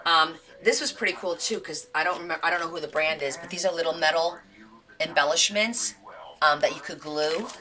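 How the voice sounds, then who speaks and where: A woman's voice: low-pitched, a little fast, sharp tone. A woman hosting a casual live craft stream, chatting and gushing as she shows off her thrift finds. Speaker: craft channel host. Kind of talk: casual live show-and-tell.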